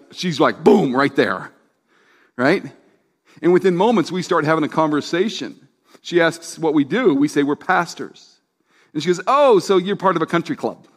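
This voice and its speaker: A man, a pastor, preaching a sermon in a casual, storytelling way, dropping low and quiet for quoted lines and emphasis.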